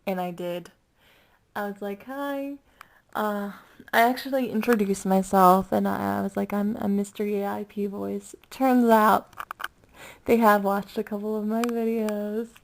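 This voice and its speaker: Excitable woman vlogger, gravelly vocal fry, giggly and rambling. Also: medium pitch, measured pace, slight background noise. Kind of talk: casual chatty vlog.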